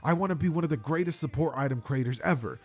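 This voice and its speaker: A man voicing an excitable young female inventor who talks eagerly, in a fan-made story narration. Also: on the high side, natural voice. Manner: eager, chirpy, rapid-fire questions.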